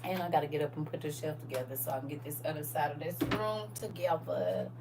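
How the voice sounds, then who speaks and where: This online scripture study host is a middle-aged woman with a deep, raspy voice who talks quickly over a noisy background. She keeps things casual and chatty, laughing a lot and addressing listeners head-on while leading the Bible study.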